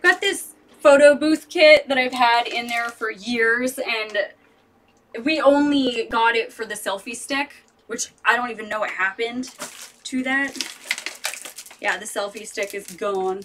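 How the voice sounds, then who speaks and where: A high-voiced young woman rambles in a slow, easy way to her live-stream audience, laughing often. She sounds set back from the mic in a room at home, and a steady background noise runs under her voice. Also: recorded from a distance. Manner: giggly, rambling, chatty. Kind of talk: casual live-stream chat.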